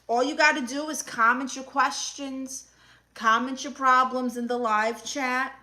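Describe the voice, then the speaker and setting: A woman with a New York accent hosts a comedic livestream as an aunt character, reading viewer comments and answering with dry, deadpan quips. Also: a little high, poor audio. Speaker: livestream host playing an aunt.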